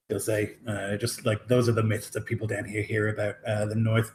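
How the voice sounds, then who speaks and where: Game master, casual and filler-heavy, echoey room with faint noise. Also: male voice, on the low side, little pitch movement, moderate pace, few pauses. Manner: casual, full of fillers like 'uh' and 'like'. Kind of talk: narrating a tabletop game.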